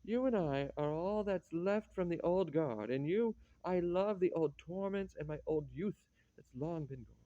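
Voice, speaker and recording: A man's voice: on the high side, lively intonation, unhurried, few pauses, dark tone, no echo. A man doing a sardonic old count. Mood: wistful. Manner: sardonic, teasing. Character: mocking, bitter old nobleman, a count. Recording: dull lo-fi dry recording.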